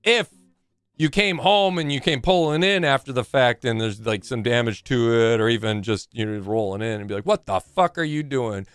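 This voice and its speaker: A man's voice: mid-range voice, moderate pace, a bit bright, smooth, dry recording. A man in his forties chatting casually on a live game stream, rambling and joking with plenty of swearing.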